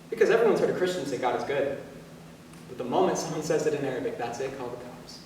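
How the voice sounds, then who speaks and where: A man's voice: fairly high pitch, expressive, a little fast, a little hiss or hum. A man in his twenties performing a one-man stage monologue, telling a story in a conversational way with filler words, heard from a distant mic in a large theater hall. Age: 20s. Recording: echoey hall from far off.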